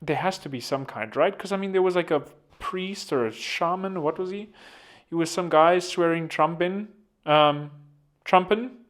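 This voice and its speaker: A man's voice: a little high, moderate pace. A man hosting a podcast, talking in a rambling, casual monologue full of fillers and self-corrections. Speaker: podcast host.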